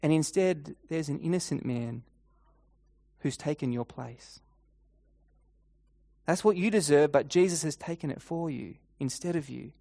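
A man preaching a sermon, retelling a scene vividly in the second person and slowing down and softening his voice for emphasis. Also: a little high, gravelly, no room sound, studio quality.

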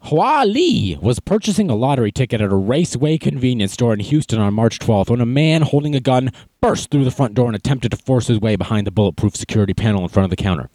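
A young man hosts a podcast, telling stories in a casual, self-mocking way. His pitch swings widely as he talks, and he jumps into a high voice to act out quotes. The sound is dry and close. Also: mellow, dry recording. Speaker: podcast host. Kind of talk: casual storytelling monologue.

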